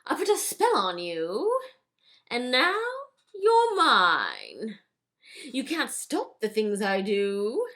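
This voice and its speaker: A woman voicing a theatrical, vain witch woman with a grand, drawn-out, menacing delivery. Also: fairly high pitch, huge pitch swings, a bit bright, heavily acted. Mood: grandly menacing.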